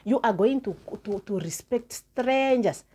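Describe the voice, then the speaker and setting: Earnest woman with a husky, mellow voice. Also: on the high side, lively intonation, a little slow. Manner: earnest, emphatic, repeats words for stress. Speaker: vlogger addressing viewers. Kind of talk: impassioned moral address to camera.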